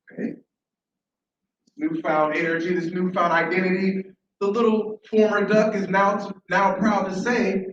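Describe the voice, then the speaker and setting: Man, live storyteller, animated, repeats phrases, high voice, far-off echoey sound. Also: moderate pace, highs cut off, a little hiss or hum. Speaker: storyteller at an open mic. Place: large room at a library event.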